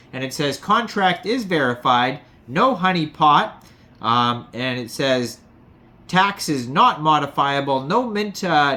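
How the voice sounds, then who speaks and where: Guy doing a crypto walkthrough, kinda high bright voice, lots of uh's while reading numbers. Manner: reads figures off web pages with frequent "uh" fillers. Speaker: crypto video host. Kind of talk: casual screen walkthrough narration.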